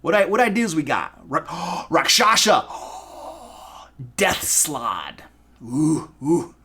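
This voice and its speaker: A man from Michigan with a Michigan accent, hosting a casual live stream as a dungeon master, excitable, goofy and self-deprecating. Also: fairly high pitch, very slow, husky. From Michigan, USA. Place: home room.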